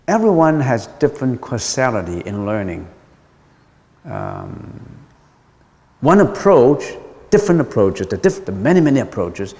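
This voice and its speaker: A man's voice: medium pitch, vocal fry, a little mellow. A man, a Buddhist monk, giving a dharma lecture in a patient way, repeating key points with frequent ums. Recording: long hall reverb.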